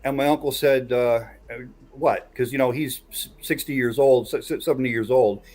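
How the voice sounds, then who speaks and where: A man's voice: medium pitch, steady tone, normal speed, a little mellow. A man hosting a casual podcast chat who builds suspense as he tells a story. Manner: builds suspense while recounting a tale.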